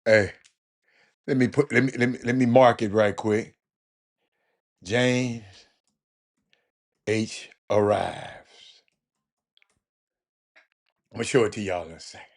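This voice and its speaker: A man's voice: on the low side, slow, pauses often. A man with a Houston accent hosting a casual sports talk stream, laughing often and talking straight to his chat. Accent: Houston, Texas. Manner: animated, laughing, talks to chat. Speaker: livestream host.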